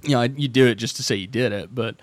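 A man's voice: mid-range voice, fast, no echo. Rambling male podcast host. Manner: rambling storyteller, acts out quoted dialogue with restarts. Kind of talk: casual chat.

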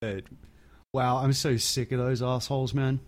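Profane, animated male storyteller. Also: medium pitch, moderate pace. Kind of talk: casual group chat.

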